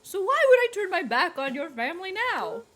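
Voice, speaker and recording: A woman's voice: very high-pitched, big pitch swings, fairly quick, fairly bright tone, pitched above the performer's own voice, heavily acted. A woman voicing a scheming older man who is folksy and ingratiating, while reading a game aloud. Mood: coaxing.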